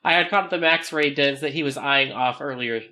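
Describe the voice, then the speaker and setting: A man's voice: mid-range voice, normal speed. A man co-hosting a casual podcast, reading a listener email aloud with jokey asides and frequent laughter. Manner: animated, laughs often, breaks into jokey asides.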